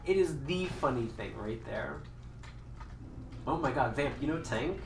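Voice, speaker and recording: A woman streaming a game with casual commentary, excitable and swearing, breaking into mock-angry yelling. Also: a bass voice, a little slow, vocal fry, noisy background. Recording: roomy with faint background music.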